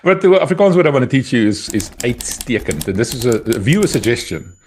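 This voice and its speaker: A South African man co-hosting a rugby podcast, chatting casually with a relaxed, wry, teasing manner. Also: medium pitch, fast, a little hiss or hum. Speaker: podcast co-host. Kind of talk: casual chat.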